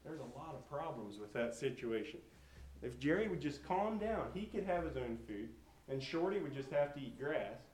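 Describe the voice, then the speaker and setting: A man's voice: medium pitch, big pitch swings, moderate pace, darkish tone, echoey room, far from the mic, a little hiss or hum, low-quality recording. A man telling children a folksy story with a moral, often asking them questions and imitating animal sounds. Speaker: storyteller teaching children a lesson.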